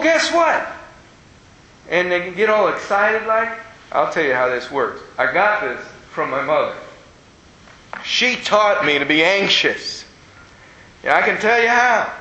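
High, bright-voiced male preacher in an echoey room. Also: lo-fi sound. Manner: animated storytelling with playful asides. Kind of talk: conversational sermon. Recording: echoey room with faint rumble.

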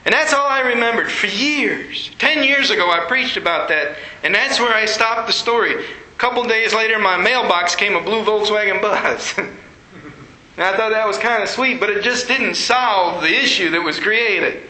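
A man's voice: high voice, moderate pace, pushed and bright. A middle-aged man, a pastor, telling a personal story in a sermon with earnest emotion. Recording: echoey room.

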